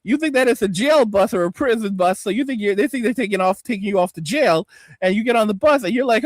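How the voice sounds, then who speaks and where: The speaker is a male livestream host whose voice sits high and sounds expressive and fast, with no room sound. He goes on a profanity-laden, rambling rant full of stammered restarts, addressing his audience head-on and reading out chat messages.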